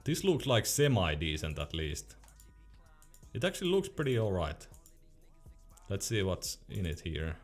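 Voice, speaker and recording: Brief: young man, deep voice, relaxed livestream chatter with soft music underneath. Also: normal speed. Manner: laid-back, laughs often, trails off and restarts. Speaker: streamer. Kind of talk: casual livestream chat, reading out chat questions.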